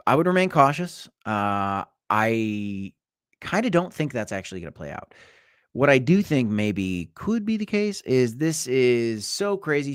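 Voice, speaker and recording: Animated male crypto livestream host. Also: medium pitch, clear, resonant tone. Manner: animated, rambling, jumps between loud and quiet. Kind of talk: casual livestream market chat.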